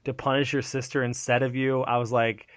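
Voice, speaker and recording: A man co-hosting a casual gaming podcast, animated and profane, acting out game scenes in quick put-on voices. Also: mid-range voice, no room sound, clean studio sound. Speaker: podcast co-host.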